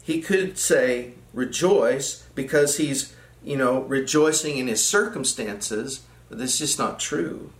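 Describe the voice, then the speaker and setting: A man teaching an evening Bible study, explaining scripture point by point. His voice sits in a middle pitch and carries a noticeable room echo. He leans on repetition to stress his points. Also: slow. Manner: explanatory, repeats phrases for emphasis. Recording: echoey room.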